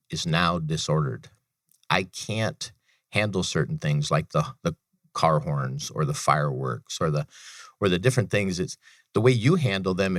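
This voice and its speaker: A man's voice: deep voice, dry recording, clean studio sound. A man in his thirties, a veteran and author, telling personal stories in an earnest, repetitive way as a radio interview guest. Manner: earnest, personal storytelling with repeated phrases. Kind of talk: interview talk on a business radio show.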